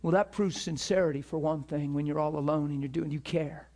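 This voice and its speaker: A man preaching to a ministry school, telling a story with emphatic, animated delivery and acted-out dialogue. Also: brisk. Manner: animated, emphatic, acts out dialogue with rising pitch. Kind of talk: sermon storytelling.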